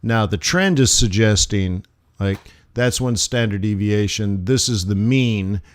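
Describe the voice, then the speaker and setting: A man teaching forex on a live stream, thinking aloud over charts with playful asides and sudden animated bursts. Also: lowish voice, a little slow. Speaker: forex trading instructor. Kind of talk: live trading stream commentary.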